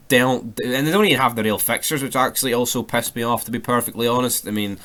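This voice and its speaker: A man's voice: medium pitch, fairly even intonation, quick pace, few pauses, a bit bright. A young Scottish man giving sweary, ranting casual commentary over a football video game career mode. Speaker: gaming YouTuber.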